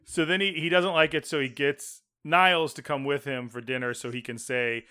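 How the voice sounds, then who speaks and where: A man's voice: on the high side, fairly even intonation, normal speed, sharp tone, smooth. A man co-hosting a casual chat about a sitcom. He rambles, corrects himself and chuckles as he talks. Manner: rambling, self-correcting, chuckles while talking. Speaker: podcast co-host.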